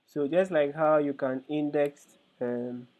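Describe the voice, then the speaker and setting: A man's voice: fairly high pitch, steady tone, slow pace. A male instructor explaining code step by step in a live online lesson, hesitant with frequent fillers. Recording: tinny phone-like call audio.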